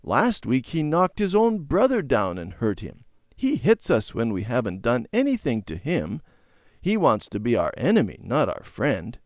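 A man's voice: medium pitch, huge pitch swings, normal speed, no room sound, clean studio sound. A man voicing an earnest, sincere young boy in a children's storybook reading. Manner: protesting, earnest.

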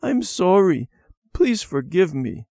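A man's voice: sits high, sing-song, takes it slowly, vocal fry, mellow, no echo, studio quality, voice pushed up, exaggerated voice. A man voicing a young girl who is timid and pleading in a children's storybook reading. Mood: contrite. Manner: pleading, tearful.

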